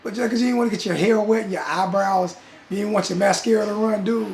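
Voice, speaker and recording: A middle-aged man who talks as a fan commentator in a casual vlog rant. He is animated and teasing, laughs often, and ends many phrases with "man.". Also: high-pitched, quick pace. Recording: echoey room, faint background noise.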